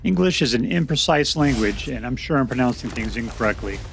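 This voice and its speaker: A man's voice: medium pitch, animated, a little fast, vocal fry. A man giving casual, joking commentary to himself as he plays a card game. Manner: chatty, joking, talks to himself while playing. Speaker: gameplay commentator.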